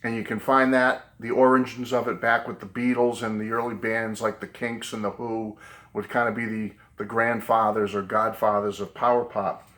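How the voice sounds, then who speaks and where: Chatty Boston man with a low voice. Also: level tone, normal speed, a bit bright. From New England. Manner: chatty, repeats "okay" and "great book". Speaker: video host. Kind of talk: casual video lesson.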